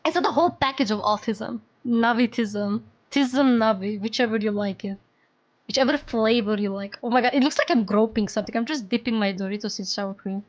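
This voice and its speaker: Woman VTuber, high voice, excitable casual stream chat, squeals and mutters, home mic. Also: fairly quick, dull audio.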